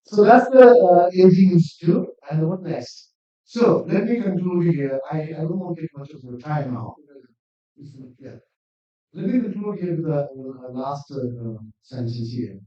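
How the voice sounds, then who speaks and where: A man's voice: a little high, animated, unhurried, mellow. A man, an academic lecturer, giving a conference presentation in an earnest manner that builds to emphatic appeals. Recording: distant mic in echoey hall, dull sound.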